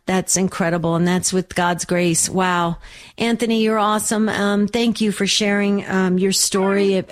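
Lady radio host taking calls, warm and encouraging, mid pitch. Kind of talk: call-in radio talk.

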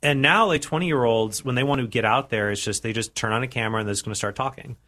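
Bright-voiced man in his forties. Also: medium pitch, quick pace. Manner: talkative, restarts and jokes. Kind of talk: casual radio chat.

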